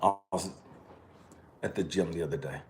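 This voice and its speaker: A man from California speaking bluntly in a personal monologue, cursing freely and swinging from quiet remarks to impassioned outbursts. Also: low voice, moderate pace, slight background noise. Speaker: channel host.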